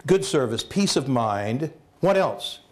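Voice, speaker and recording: A man giving a comic storytelling talk as guest speaker at a college, animated and jokey, acting out voices. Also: medium pitch, slow pace. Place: lecture hall at a college.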